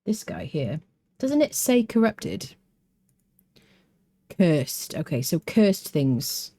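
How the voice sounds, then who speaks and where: Low, mellow-voiced British woman streaming. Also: very animated, takes it slowly, slightly rough. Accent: mixed British with a touch of Welsh. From Britain. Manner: chatty, thinks aloud and hums to herself; reads out and answers viewer chat. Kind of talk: live game stream chat.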